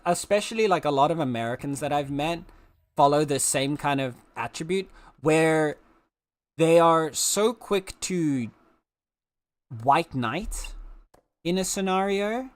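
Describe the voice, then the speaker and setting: A man with a South African accent chatting casually as a streamer while he plays, rambling through his points with lots of filler words and restarts. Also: a little high. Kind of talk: casual opinion chat while gaming.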